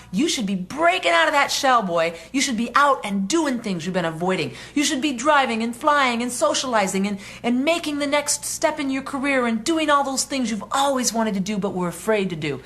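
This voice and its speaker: Earnest higher-voiced woman teaching self-help. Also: a bit bright. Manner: earnest, conversational storytelling. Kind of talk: motivational self-help talk.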